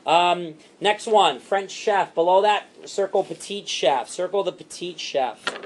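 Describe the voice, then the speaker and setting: A man training a sales team, animated and repetitive, acting out what to say to customers. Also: high voice. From Italian heritage. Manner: animated, fast and repetitive, acts out customer lines.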